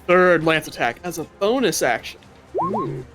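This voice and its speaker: A man's voice: sits high, huge pitch swings, normal speed, over music. A man playing in a tabletop game who calls out his rolls and adds mock-archaic flourishes. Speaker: player.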